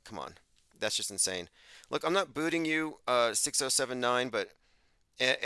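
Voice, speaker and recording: A man's voice: on the low side, pushed and bright, dry recording. Blunt, lecturing man hosting a call-in show. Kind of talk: live call-in show monologue.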